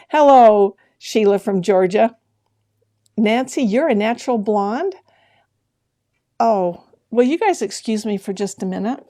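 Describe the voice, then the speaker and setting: A woman's voice: a little high, lively intonation, slow pace, pauses often, mellow. A middle-aged woman hosting a sewing livestream, chatting casually and greeting viewers by name with frequent laughs. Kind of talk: casual live-stream chat with viewers.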